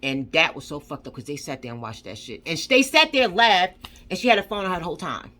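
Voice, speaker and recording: A woman's voice: low voice, lively intonation, quick pace, sharp tone. Heated, swearing woman vlogger. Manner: heated, profane, repetitive, rhetorical questions. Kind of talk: angry commentary rant.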